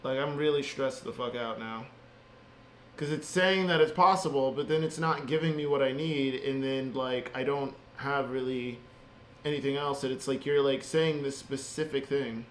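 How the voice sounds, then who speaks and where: A man's voice: mid-range voice, steady tone, normal speed, fairly bright tone. Frustrated man venting in echoey room. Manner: frustrated, swears freely, rambling. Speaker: software developer vlogger. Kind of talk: casual venting monologue while coding. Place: home basement room. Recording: roomy echo with faint hum.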